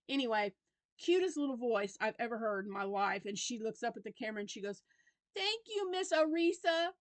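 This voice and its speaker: A woman's voice: fairly high pitch, no echo. Chatty Southern grandmother, dry close sound. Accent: Southern American. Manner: chatty, rambling with restarts and fond anecdotes. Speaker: crochet vlogger. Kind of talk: casual chat to camera.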